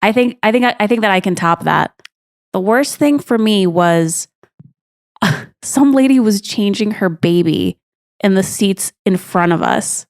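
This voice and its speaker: A woman's voice: mid-range voice, expressive, unhurried, a little mellow, no echo, studio quality. A woman in casual podcast chat. She tells a story eagerly, with small restarts.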